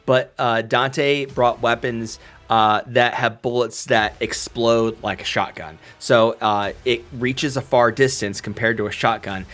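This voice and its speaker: A man's voice: mid-range voice, fairly even intonation, a little slow, few pauses, a bit bright. A man narrating a tabletop game as game master, rambling with many fillers.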